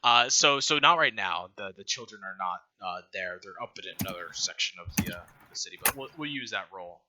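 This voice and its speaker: A man runs a tabletop game, describing scenes in a very bright, lively voice that rises and falls a lot. He talks haltingly, filling pauses and restarting his sentences. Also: low-pitched. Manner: halting, many fillers and restarts. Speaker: game master.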